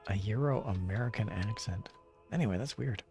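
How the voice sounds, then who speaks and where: A man streaming a game, chatting casually and answering his viewers in a rambling, low-key way. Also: moderate pace, darkish tone, faint music behind. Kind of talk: casual chat while gaming.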